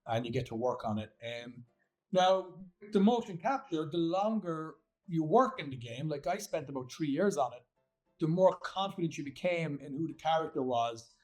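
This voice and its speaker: A man from Ireland with a softened Irish accent, chatting casually as an interview guest, rambling with fillers and restarts. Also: on the high side, lively intonation, normal speed, faint music behind, low-quality recording. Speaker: guest actor.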